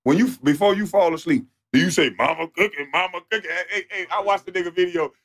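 A man streaming live, ranting off the cuff in a profane, mocking, animated way that sometimes turns to shouting. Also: high voice, fast talker. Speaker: livestreamer. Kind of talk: off-the-cuff livestream rant.

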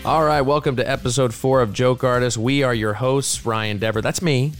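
A man's voice: mid-range voice, steady tone, normal speed, over music. A man co-hosting a podcast, chatting casually with jokey banter. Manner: jokey, self-deprecating banter. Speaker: podcast co-host. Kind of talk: casual chat.

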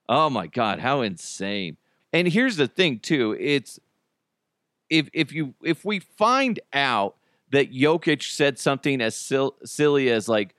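Profane, animated male podcast host, dry sound. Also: medium pitch, unhurried, no room sound. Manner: profane, swears freely; animated, laughs at his own jokes. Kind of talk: casual solo rant.

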